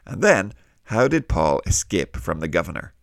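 A man with a low, gravelly voice hosts a children's Bible lesson. He explains things in a friendly way and his pitch moves a lot. The sound is close and dry. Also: sing-song, moderate pace, a bit bright, no room sound. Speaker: host.

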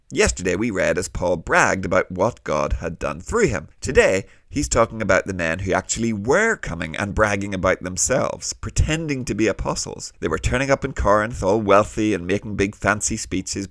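A man with a low, gravelly voice hosts a children's Bible lesson. He explains things in a friendly way and his pitch moves a lot. The sound is close and dry. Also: a bit bright, dry recording. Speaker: host.

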